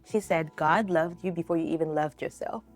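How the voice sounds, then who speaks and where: A woman's voice: deep voice, moderate pace, soft background music. A young woman vlogger sharing an earnest, emotional faith-based story about her life, talking casually and openly to her viewers.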